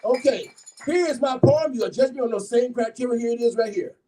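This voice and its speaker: A man emcees a poetry slam in a bookshop, chatty and playful as he fires up the crowd. His voice is high yet mellow. He sounds a little off-mic, as if caught from a few steps away. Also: quick pace, far from the mic, rough recording. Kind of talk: live event hosting. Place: bookshop event space, live audience. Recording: voice heard from off-mic.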